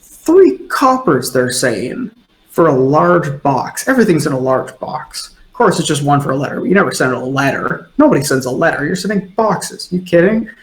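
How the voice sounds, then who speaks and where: A man voicing a drunk, middle-aged tavern patron who complains fast and indignantly about prices. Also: fairly high pitch, sing-song. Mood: grumbling. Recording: roomy echo.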